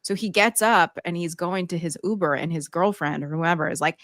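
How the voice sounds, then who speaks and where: A woman's voice: lowish voice, brisk, a bit bright, dry recording, clean studio sound. A woman co-hosting a casual political chat from New York, telling anecdotes and acting out quotes. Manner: storytelling, acts out quotes. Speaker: podcast co-host.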